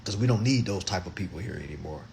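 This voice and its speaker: A man's voice: low voice, lively intonation, fast, gravelly, a little mellow, slight background noise. A man talking straight to livestream viewers, profane and emphatic, now and then acting out other people's voices. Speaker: livestream speaker. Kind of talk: animated monologue to viewers.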